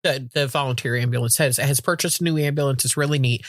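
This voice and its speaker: An extremely low-pitched, fast-talking middle-aged woman co-hosts a podcast, sharing stories in casual conversation. She acts out quotes with animation and frequent swearing, captured in studio quality with no room sound.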